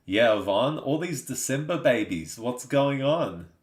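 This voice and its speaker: In an echoey room, an Australian man hosts a live stream, reading out viewer comments and answering them in a laid-back, chatty way, often saying "you know what I mean." His mid-range voice has lively intonation and runs a little slow.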